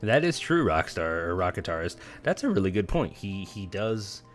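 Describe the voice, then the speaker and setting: A man with a low voice hosts a casual reaction show. He talks loud and mocking and trash-talks the people he watches. Faint music plays behind him. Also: sing-song, normal speed. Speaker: commentary show host.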